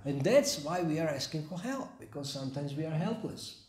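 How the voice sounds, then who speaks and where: A man giving a scripture class in a temple, unhurried, pausing to search for words as he tells stories. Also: on the high side, expressive, a little mellow, a little hiss or hum. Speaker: spiritual teacher. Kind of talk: scripture class talk with storytelling. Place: temple hall. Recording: echoey temple hall.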